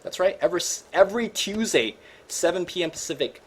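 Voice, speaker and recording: A man hosting a gaming show, commentating replays in an energetic, joking, slangy way. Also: high voice, brisk, a little hiss or hum. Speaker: host and caster.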